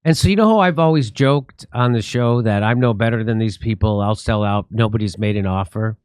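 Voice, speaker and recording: A man's voice: lowish voice, a little fast, darkish tone, clear, resonant tone, dry recording, studio quality. A middle-aged man from Chicago hosting a show, telling stories in casual political chat with blunt, profane language. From Chicago, United States. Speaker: show host.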